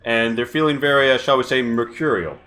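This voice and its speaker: A man narrating as game master in a tabletop game, casual and halting with fillers. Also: medium pitch, bright, forceful tone.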